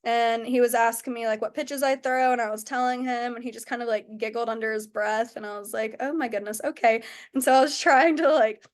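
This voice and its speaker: A young woman who coaches softball pitching, telling stories in a chatty way with many "like"s. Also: steady tone, brisk, hardly any pauses. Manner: chatty, lots of "like" and "oh my goodness". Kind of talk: casual coaching talk with storytelling.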